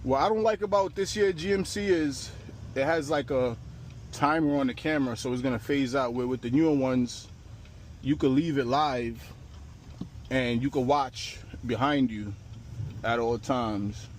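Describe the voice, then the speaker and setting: With a mid-range voice and a slightly slow pace, a channel host narrates towing a car, breathless but relaxed. He speaks to camera as he works on the street and in his pickup, swearing casually against faint street and vehicle noise.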